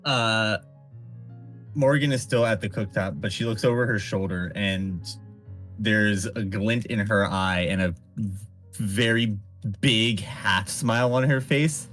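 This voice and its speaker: A man's voice: fairly low pitch, slow, a bit bright, soft background music. A man role-playing his character in a tabletop game, speaking formally without contractions, often stumbling and repeating words.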